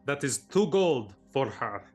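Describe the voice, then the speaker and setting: A man playing a tabletop game, speaking deadpan and deliberate in character. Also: medium pitch, soft background music. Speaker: player.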